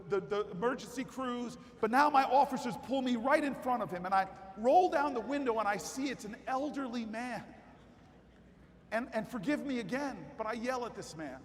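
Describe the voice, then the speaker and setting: A man giving a political convention speech, telling a story that builds to shouted rallying cries. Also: extremely high pitch, normal speed. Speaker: keynote speaker. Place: large convention hall with crowd. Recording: hall reverb with crowd.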